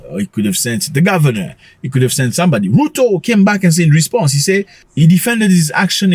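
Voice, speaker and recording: Animated husky-voiced male vlogger. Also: mid-range voice, no echo. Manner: animated, rhetorical questions, chuckles often. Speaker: commentary channel host. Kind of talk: casual commentary vlog.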